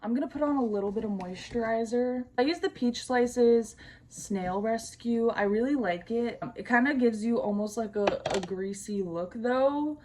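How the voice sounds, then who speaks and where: A woman's voice: on the high side, normal speed, darkish tone, slight background noise. A young adult woman vlogging, chatting casually through a storytime while she does her skincare, slangy and profane with comic asides.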